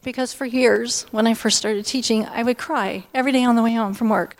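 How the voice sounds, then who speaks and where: A woman in her fifties sharing a personal testimony at a church gathering, candid and heartfelt, talking in a loose conversational way with frequent pauses and fillers. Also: a little high, fairly even intonation. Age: 50s. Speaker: speaker giving a personal testimony.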